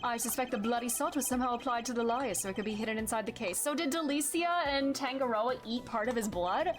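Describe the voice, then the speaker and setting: A woman's voice: fairly high pitch, natural voice. A woman reading a methodical prosecutor. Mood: deducing. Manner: measured, deductive. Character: calm methodical male prosecutor. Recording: game music behind the voice.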